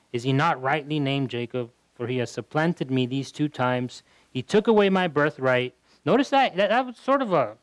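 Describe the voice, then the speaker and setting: Male pastor, fairly high voice, chatty Bible teaching, stumbles and repeats words, dry close sound. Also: dry recording, poor audio. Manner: conversational, repeats words while thinking.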